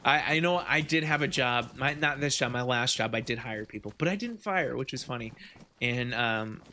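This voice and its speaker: A man's voice: mid-range voice, moderate pace, bright, forceful tone, a little hiss or hum. A man hosting a podcast while gaming, chatting casually and rambling, with a lot of swearing and laughter. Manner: rambling, profane, laughing often. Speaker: podcast host.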